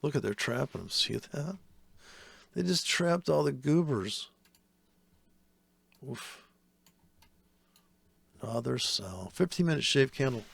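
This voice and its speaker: A man's voice: medium pitch, expressive, takes it slowly, vocal fry, long pauses, husky, dry recording. A man giving casual, profane and sarcastic commentary while trading live.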